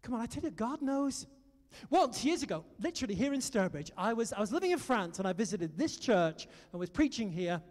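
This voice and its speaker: A British man delivers an animated sermon, trading stories for direct appeals to his listeners. His voice sits high. The sound carries a long hall reverb. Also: brisk. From Britain. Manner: animated storytelling, exhorting the audience. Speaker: preacher.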